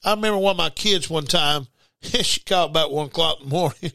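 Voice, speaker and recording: Preaching to his broadcast audience in a relaxed, conversational style, a middle-aged man speaks a little fast in a high, bright, forceful voice with some creak. He repeats himself and erupts into shouts; the recording is dry and close, without room sound.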